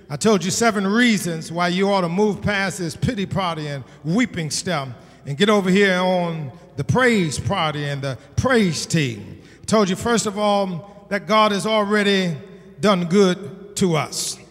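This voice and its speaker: A man preaching a sermon as pastor of his church, emphatic and repeating his points, building to shouts. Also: high-pitched, long reverb tail. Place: church sanctuary.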